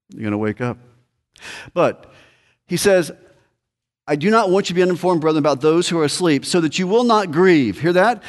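Man preaching a conversational sermon. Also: medium pitch. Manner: conversational preaching, addresses listeners directly. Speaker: pastor.

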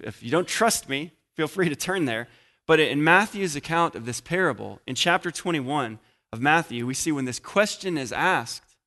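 A man preaching a sermon, swinging from loud emphasis to hushed pauses and sometimes searching aloud for passages. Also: mid-range voice. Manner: searching aloud with restarts while finding passages.

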